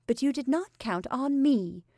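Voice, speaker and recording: A woman's voice: high voice, animated, unhurried, a little mellow, no echo, studio quality, pitched above the performer's own voice, exaggerated voice. A woman voicing an earnest young woman who speaks in a reproachful tone. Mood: stern. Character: earnest young woman, the actor's friend's fiancée.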